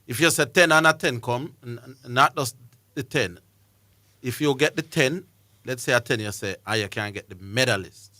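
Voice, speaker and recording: A Jamaican man hosting a sports call-in show, chatty and joking with his co-hosts. His tone is bright and sharp, in a dry studio. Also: medium pitch, moderate pace, no echo. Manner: jokey, chatty, reads out phone numbers. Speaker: sports radio host. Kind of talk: casual radio hosting.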